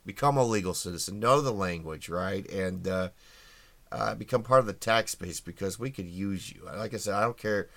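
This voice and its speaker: A man's voice: lowish voice, moderate pace, vocal fry, a bit bright, no echo. A man hosting a podcast, giving a casual opinionated monologue on the news with plenty of ums and uhs. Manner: wry, opinionated, many fillers. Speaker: podcast host. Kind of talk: casual political commentary monologue.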